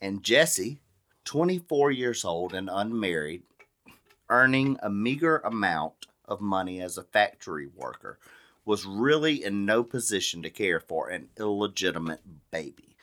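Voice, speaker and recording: A man co-hosting a podcast, telling a true-crime story in a slow, deliberate way with joking side remarks. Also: fairly low pitch, big pitch swings, fairly bright tone. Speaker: podcast co-host.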